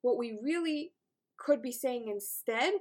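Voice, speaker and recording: A woman's voice: on the high side, a little slow, a little mellow. A middle-aged woman teaching a class in an earnest, encouraging way, with touches of self-deprecating humor. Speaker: class instructor.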